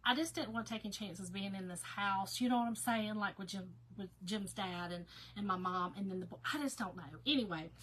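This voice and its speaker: A woman's voice: medium pitch, a little fast, few pauses, fairly bright tone, a little hiss or hum. A woman, chatting folksily to viewers during a casual craft tutorial and laughing often. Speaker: craft vlogger.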